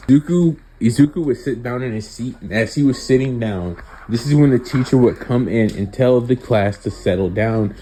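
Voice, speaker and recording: A man's voice: mid-range voice, dark tone, slight background noise, low-quality recording. A man casually telling a fan-made story, rambling with many fillers.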